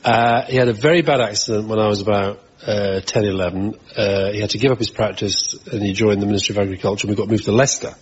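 A man's voice: on the low side, fairly even intonation, fast, few pauses, husky. Dry matter-of-fact middle-aged man. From England. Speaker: guest. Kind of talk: conversational interview answers. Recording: dull lo-fi radio audio.

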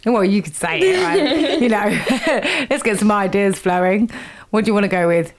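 A woman's voice: medium pitch, animated, moderate pace, a crowd in the background. Woman running a fun slang lesson, giggly and teasing, chatty. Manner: laughs a lot, teasing and upbeat. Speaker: host teaching slang to a group. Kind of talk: playful chatty teaching.

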